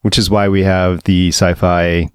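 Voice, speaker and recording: A man's voice: sits low, flat delivery, measured pace, clean tone, dry recording, studio quality. Chatty male podcast co-host. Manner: chatty, explaining, laughs often. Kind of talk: casual chat.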